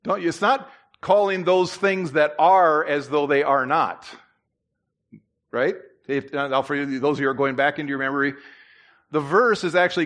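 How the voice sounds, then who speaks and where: A male pastor delivering an emphatic sermon in a church, speaking in a fairly high register. He talks in a conversational way, full of asides and restarts, then rises in pitch and volume to drive his points home. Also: moderate pace, a bit bright.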